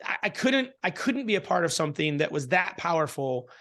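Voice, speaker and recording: Animated man telling a story. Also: fairly high pitch, fairly quick. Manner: animated storyteller, many restarts, acts out quotes. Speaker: interview guest. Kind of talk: casual storytelling in a conversation.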